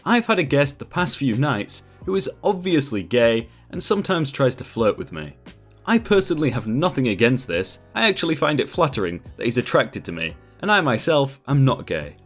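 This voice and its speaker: A man hosting a channel and reading Reddit stories aloud in a lively, conversational way. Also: medium pitch. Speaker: host.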